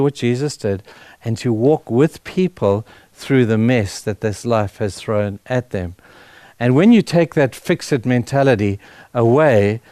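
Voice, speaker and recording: A middle-aged man gives a sermon as a guest speaker at a church. His talk is conversational, full of asides, and he leans into passages with fervent force. His voice sits at an ordinary pitch for a man, and the recording is close and dry. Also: darkish tone, no echo. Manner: conversational, building to fervent emphasis.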